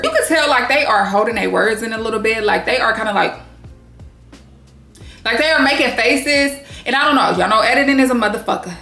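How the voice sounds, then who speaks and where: A woman's voice: fairly high pitch, moderate pace. Blunt, cussing woman recapping reality TV. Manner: blunt, swears freely, animated asides. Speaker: recap vlogger. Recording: echoey room with faint music.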